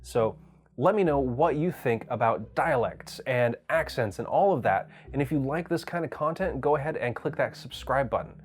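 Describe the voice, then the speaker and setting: A man's voice: mid-range voice, expressive, moderate pace, slightly rough. A man hosting a tutorial, explaining voice acting techniques with enthusiasm. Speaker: channel host teaching voice acting.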